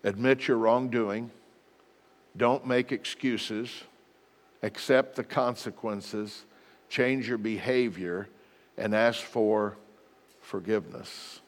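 Earnest man preaching in a reverberant hall. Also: mid-range voice. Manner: earnest, plain-spoken preaching with repeated exhortations. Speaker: pastor. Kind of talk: sermon.

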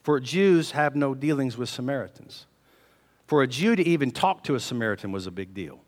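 A man preaching a sermon, telling the story with animated swings between loud emphasis and hushed delivery. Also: mid-range voice, a little fast. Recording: long reverb of a large hall.

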